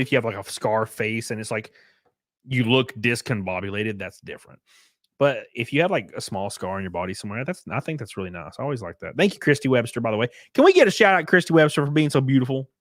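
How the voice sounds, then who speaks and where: A man hosting a casual live stream, joking crudely and thanking viewers by name, jumping from loud outbursts to quiet muttering. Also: lowish voice, dry recording, clean studio sound. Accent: Southern American. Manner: crude, joking, reads and thanks super chats aloud. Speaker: livestream host.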